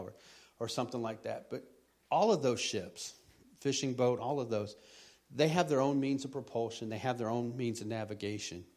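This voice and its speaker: Middle-aged man, plain mid pitch, lay preacher with a folksy, halting sermon delivery. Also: darkish tone. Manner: rambling, repeats words, folksy. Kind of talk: conversational sermon.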